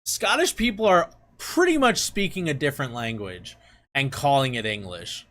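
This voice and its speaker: A man talks casually to his viewers, his pitch swinging up and down as he goes. He is chatty and laughs easily. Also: normal speed. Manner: chatty, laughs often, animated. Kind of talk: casual chat.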